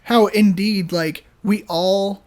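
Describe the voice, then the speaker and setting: A young adult man co-hosting a podcast, telling a story in an animated, casual way full of fillers and restarts. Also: high voice, slow. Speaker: podcast co-host.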